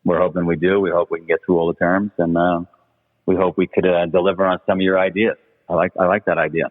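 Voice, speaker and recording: A man's voice: sits low, level tone, fast. A man answering interview questions with brief, offhand replies. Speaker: interview guest, company CEO. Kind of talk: casual podcast interview. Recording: tinny phone line with long reverb.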